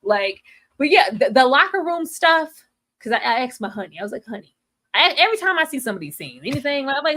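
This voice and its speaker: Animated higher-voiced woman reviewer. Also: quick pace. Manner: animated, acts out quotes in changing voices. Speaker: co-host reviewing a TV series. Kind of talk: casual review chat.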